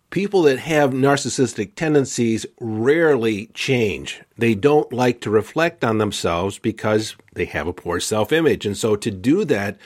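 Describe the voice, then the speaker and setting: Calm, measured man giving advice. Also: lowish voice. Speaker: podcast host. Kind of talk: advice talk.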